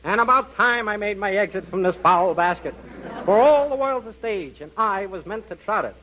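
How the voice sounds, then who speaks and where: An actor playing a pompous ham that sees itself as a vain stage star and speaks in a theatrical, grandiose way. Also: male voice, high-pitched, animated, normal speed, sharp tone, a little hiss or hum, poor audio.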